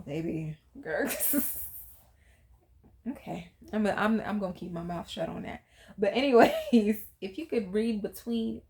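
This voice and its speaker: A young woman, chatting casually in commentary, full of asides, fillers and laughs. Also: mid-range voice. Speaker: reality TV commentary vlogger.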